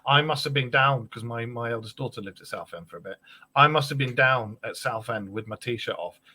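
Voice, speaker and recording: Bright-voiced joking middle-aged Englishman. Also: mid-range voice, brisk, husky, poor audio. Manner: jokey storyteller, puts on voices in anecdotes. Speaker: guest, paranormal investigator and podcaster. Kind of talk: casual chat.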